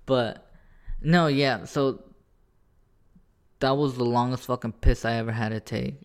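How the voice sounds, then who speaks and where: A man casually telling a rambling, profane story about his own life, animated and full of restarts. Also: mid-range voice, measured pace, pauses often.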